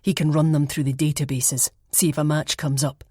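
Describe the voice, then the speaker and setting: A woman voicing a reflective male ex-detective in an audiobook, speaking in a measured, thoughtful way. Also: sits low, level tone, darkish tone, slightly rough, dry recording, clean studio sound. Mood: matter-of-fact. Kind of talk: audiobook character reading.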